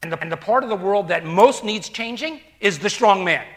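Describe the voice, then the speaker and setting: A man's voice: sits high, expressive, a little fast, a bit bright. A man preaching a sermon, reading scripture and commenting with emphatic rhetorical questions and repetition.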